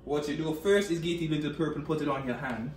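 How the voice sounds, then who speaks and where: A man's voice: on the high side, fast, a little mellow, a little hiss or hum, lightly acted. A man playing a showy fake French hair stylist, bossy and playful, recorded in an echoey room from a distance. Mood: hamming. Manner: playful, bossy, mock-fancy.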